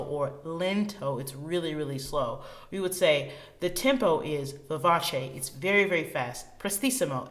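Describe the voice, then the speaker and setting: Lively woman music teacher. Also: on the low side. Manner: enthusiastic, speeds up and slows down to demonstrate tempos; chatty, uses everyday examples. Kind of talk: recorded classroom lesson.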